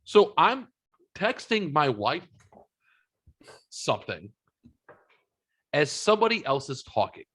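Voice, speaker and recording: A man's voice: fairly high pitch, big pitch swings, takes it slowly, long pauses, fairly bright tone, slightly rough. Man rambling through a profane story. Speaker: podcast host. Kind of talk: casual chat.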